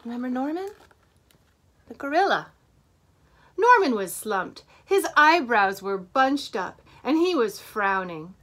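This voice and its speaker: Lively lady reading a kids storybook, high bright voice, asks the kids stuff. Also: takes it slowly. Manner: animated, asks the children questions. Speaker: children's movement teacher.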